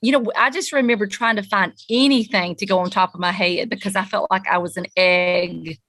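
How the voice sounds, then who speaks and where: Bright Southern woman podcaster. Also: mid-range voice, steady tone, a little fast. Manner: chatty, self-mocking, rambling asides. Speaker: podcast co-host, school counselor. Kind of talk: casual chat. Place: outdoors on a porch.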